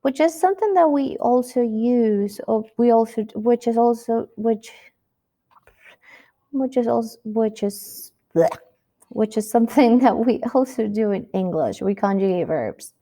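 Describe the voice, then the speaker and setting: A woman's voice: on the high side, unhurried, dark tone. A woman teaching a Spanish lesson, speaking patiently and asking the listener rhetorical questions. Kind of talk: recorded classroom lesson.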